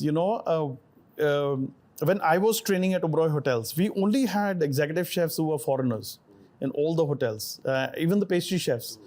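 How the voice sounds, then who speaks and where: Middle-aged chef, thoughtful and hesitant. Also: male voice, on the high side, darkish tone. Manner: thoughtful, frequent fillers and restarts. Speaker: chef, interview guest. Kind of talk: conversational interview answers.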